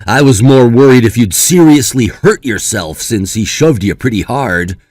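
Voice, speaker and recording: A man plays a caring brother who sides with his upset sister. He sounds reassuring and sympathetic, with a lively pitch. The sound is dry and close, over faint music. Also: normal speed, no room sound, lightly acted. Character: caring young brother, supportive and indignant.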